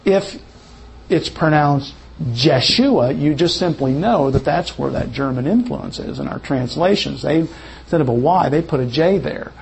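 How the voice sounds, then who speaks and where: A man teaching a Bible study lesson in an unhurried, explanatory way, correcting himself as he goes. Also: a little high, gravelly, darkish tone, slight background noise.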